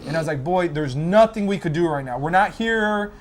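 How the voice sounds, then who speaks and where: A man, a guest in a barbershop chair, casually telling a lively family story and acting out the voices in it. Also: high voice, a little fast. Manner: animated, acts out family dialogue.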